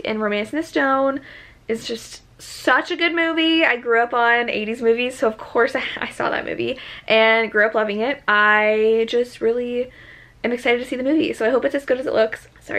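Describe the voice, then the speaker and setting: A woman's voice: fairly high pitch, bright, forceful tone. A young woman and teacher chatting casually at home in a reading vlog, enthusiastic and full of fillers. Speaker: book vlogger.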